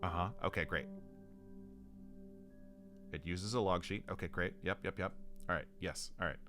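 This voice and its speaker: A man's voice: sits low, fairly even intonation, normal speed, bright, forceful tone, soft background music. A man playing through a solo tabletop adventure, chatting to himself in rambling asides. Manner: chatty, rambling self-talk with asides and chuckles. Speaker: solo tabletop game player.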